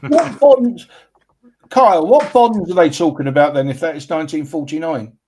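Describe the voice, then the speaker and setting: A man in a casual podcast chat, asking quick, curious questions. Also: on the high side, darkish tone, slightly rough. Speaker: podcast guest.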